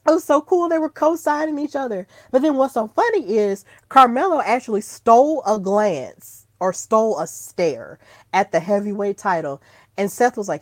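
A woman hosting her own podcast in casual solo chat, gushing and excitable, breaking into squeals when thrilled. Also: fairly high pitch, normal speed, no room sound. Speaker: podcast host.

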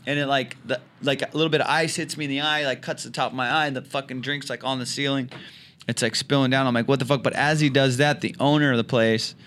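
A man's voice: mid-range voice, steady tone, fast talker, a bit bright. A man from Orange County, California, a comedian telling a loose, profane story in casual podcast chat. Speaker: comedian guest.

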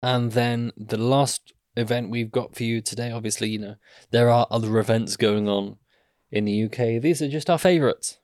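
A podcast co-host chats casually, rambling and poking fun at himself. His voice is medium-pitched, fairly even, and a little mellow at a moderate pace, captured in a dry, clean studio recording.

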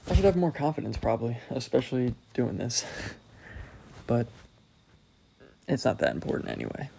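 A young man talks through a loose solo podcast, wandering from thought to thought and poking fun at himself with a dry, wry edge. His mid-pitched voice carries a gravelly fry. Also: big pitch swings, moderate pace, warm tone. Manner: rambling, self-deprecating, wry. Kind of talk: casual solo podcast monologue.

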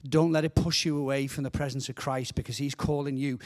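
A man's voice: mid-range voice, fairly even intonation, fairly quick, a little mellow. A middle-aged man from England preaching a sermon as a guest speaker in a church, earnest and fervent, often repeating words as he builds a point.

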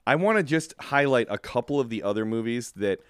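A man co-hosting a podcast in casual chat, playful and quick to laugh. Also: medium pitch, lively intonation, smooth, no echo, clean studio sound. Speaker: podcast co-host.

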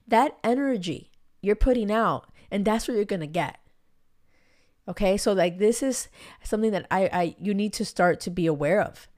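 A young adult woman hosting a casual solo podcast as a dating coach. She gives frank, encouraging advice in a chatty, animated way, full of "like" and fillers. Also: medium pitch, normal speed. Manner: chatty and animated, heavy use of "like" and filler words.

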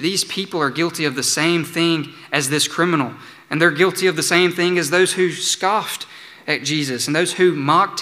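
A man preaching a sermon as pastor, earnest, slowing for emphatic pleas. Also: on the high side, bright, forceful tone. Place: church sanctuary. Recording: church sanctuary with long reverb.

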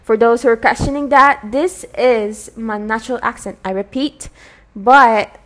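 A woman's voice: fairly high pitch, a little slow. A young woman hosting her own podcast, chatting in an earnest, rambling way with many fillers and restarts, her British accent put on over an American-style base. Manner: earnest, soft-spoken, with frequent light laughs. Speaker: podcast host. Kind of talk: casual solo podcast talk.

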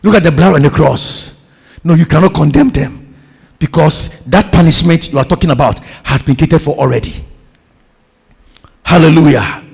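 A man's voice: gravelly, fairly bright tone, husky, in a large hall, exaggerated voice. A man preaching acts out God as a stern, sovereign voice declaring his will. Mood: tender. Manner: booming and declaring.

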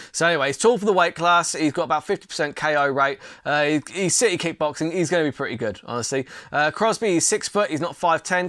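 A man's voice: fairly high pitch, fairly bright tone, dry recording, studio quality. A young man hosting a casual, blunt and opinionated fight card preview. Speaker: MMA channel host.

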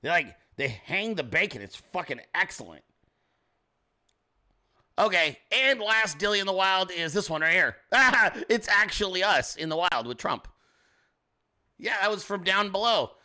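A man's voice: high voice, animated, unhurried, pauses often, pushed and bright. A man hosting his own show, in brash, crude, rambling casual commentary, talking straight to his chat viewers. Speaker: show host.

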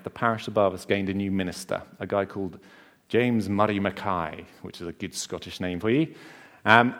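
A man preaching a sermon, telling a history story with chatty, joking asides to the congregation. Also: fairly low pitch.

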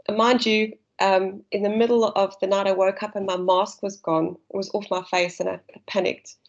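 A South African woman talks through a race story in easy podcast chat, laughing as she goes. Her voice sits at a middle pitch. The recording is slightly dull and lo-fi. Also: little pitch movement, moderate pace. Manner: chatty storyteller, laughs often. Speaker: guest runner.

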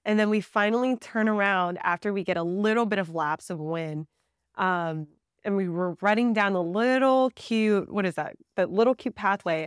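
A woman guest on a podcast, telling a trip story in a casual, animated way with fillers and bursts of laughter. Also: medium pitch, clear, resonant tone, no echo, studio quality. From Southern California.

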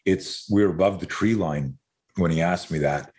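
A man's voice: low voice, moderate pace, darkish tone. A middle-aged man from Canada, a podcast guest, telling stories in a loose, rambling way, swearing casually and drifting into tangents.

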